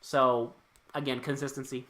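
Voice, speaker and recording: A man co-hosting a podcast, retelling a film's plot in casual, profane chat with quick quoted lines. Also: mid-range voice, level tone, bright, forceful tone. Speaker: podcast co-host. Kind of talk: casual movie recap chat.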